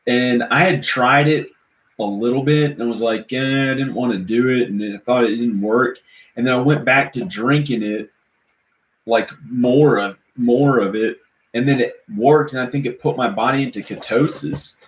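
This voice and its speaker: A man vlogging on a live stream, rambling in casual chat and chuckling at his own silly rhymes. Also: medium pitch. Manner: rambling, laughs at own silly rhymes, slow sing-song chanting. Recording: roomy echo, faint background noise.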